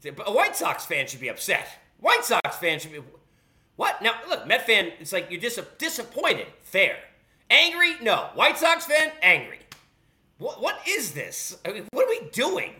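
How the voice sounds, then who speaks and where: Heated, high-energy sports talk host. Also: male voice, wildly swooping pitch, bright, forceful tone. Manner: heated, sarcastic, rapid-fire rhetorical questions. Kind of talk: animated sports commentary rant.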